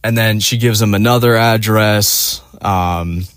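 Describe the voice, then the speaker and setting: Profane, rambling man with a lowish, dry voice. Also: measured pace, smooth, no room sound. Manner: profane, rambling, full of "like" and "you know"; animated, acts out friends in quoted voices. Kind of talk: casual storytelling.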